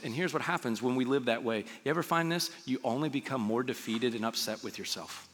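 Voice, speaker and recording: A man preaching a sermon as pastor, acting out quoted voices and dropping into soft, hushed lines. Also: medium pitch, fast, few pauses. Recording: reverberant hall with faint music.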